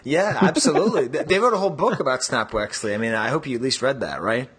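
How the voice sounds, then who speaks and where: A man's voice: medium pitch, lively intonation, fast talker, fairly bright tone, slightly rough. A man hosting a podcast in casual chat, laughing often and rambling with restarts. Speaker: podcast host.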